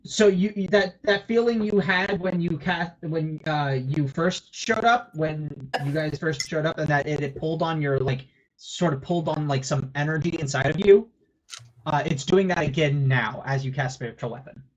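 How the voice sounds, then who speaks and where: A man narrating as game master of a tabletop role-playing session, with halting delivery and many fillers. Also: on the high side, highs cut off.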